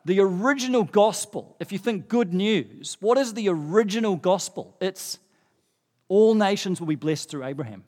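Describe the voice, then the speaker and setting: A middle-aged male pastor with a high, bright voice delivers a sermon. His voice carries into a long church-hall reverb, and he gets animated and rises in pitch on the points he stresses. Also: normal speed.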